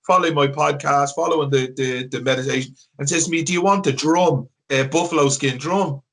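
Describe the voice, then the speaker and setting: A man's voice: on the high side, fairly quick, fairly bright tone. A man hosting a podcast, chatting casually, enthusiastic and sweary. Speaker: podcast host. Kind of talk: casual chat.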